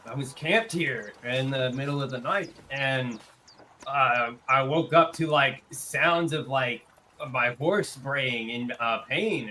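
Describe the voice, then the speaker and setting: A man's voice: a little high, sharp tone, slight background noise, pitched above the performer's own voice. A man voicing a weary male wagon traveler in a tabletop game, speaking in a rambling, nervous way. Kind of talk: improvised tabletop role-play.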